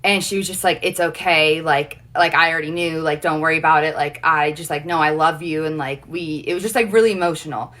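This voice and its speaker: Low bright-voiced young woman rambling. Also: steady tone, brisk, hardly any pauses. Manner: rambling storytelling, heavy "like" fillers. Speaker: livestream guest. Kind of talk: casual livestream chat.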